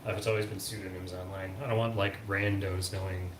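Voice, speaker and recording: A man's voice: deep voice, little pitch movement, fairly quick. A man co-hosting a home livestream, chatting casually in a dry, wry way and reading out viewer comments. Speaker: livestream co-host reading chat. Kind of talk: casual chat. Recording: echoey room with clear background noise.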